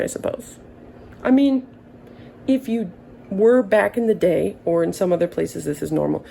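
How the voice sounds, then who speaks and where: A woman in her early thirties speaks in a relaxed, warm tone with plenty of vocal fry. She drifts through a casual monologue, wandering off on tangents with dry, self-mocking humor and the odd curse. A faint hum sits behind her. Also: mid-range voice, poor audio. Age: early 30s. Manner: rambling, tangent-prone, wry and profane. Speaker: vlogger.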